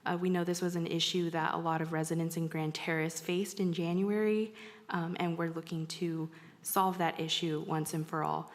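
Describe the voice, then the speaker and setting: Low-voiced woman reading a legislative update. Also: level tone, normal speed. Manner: polite, formal, with fillers. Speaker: legislative staff giving an update. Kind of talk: reading a prepared report. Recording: reverberant council chamber.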